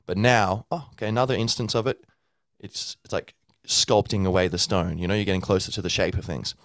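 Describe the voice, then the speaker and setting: A man with a low, deep voice talks in a loose, unscripted way, full of fillers and restarts. He explains things casually, as a podcast host would. The recording is dry and close, with no room sound. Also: fairly even intonation, a little fast, fairly bright tone, dry recording. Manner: rambling, with many fillers and restarts; acts out a learner's inner thoughts. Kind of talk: casual teaching monologue.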